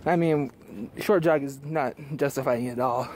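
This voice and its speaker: Out-of-breath man, casual vlog, outdoors in a driveway, halting and earnest. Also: mid-range voice, a little mellow, slight background noise. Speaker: vlogger. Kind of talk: casual vlog talk to camera.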